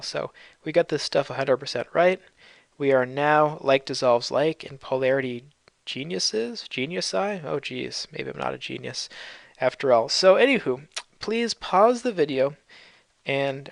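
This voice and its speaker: A man's voice: on the high side, gravelly, no echo. A man teaching chemistry in a casual recorded lecture, explaining with fillers and light jokes.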